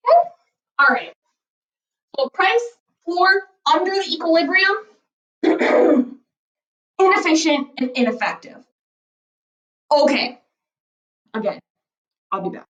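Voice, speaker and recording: High-voiced, playful woman teacher. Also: fairly bright tone, roomy sound, distant mic, low-quality recording. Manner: playful, jokey, checks in with "okay?". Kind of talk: recorded economics lesson. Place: basement floor at home.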